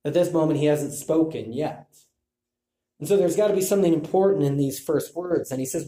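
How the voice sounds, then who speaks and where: A man's voice: a little high, brisk, mellow. A man giving a Bible teaching talk, thinking aloud with frequent restarts. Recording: echoey room.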